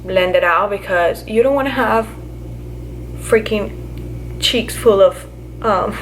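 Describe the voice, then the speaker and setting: A woman's voice: mid-range voice, slow pace, slight background noise. A young woman vlogger chatting casually through her makeup routine, explaining each step with plenty of fillers. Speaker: beauty vlogger.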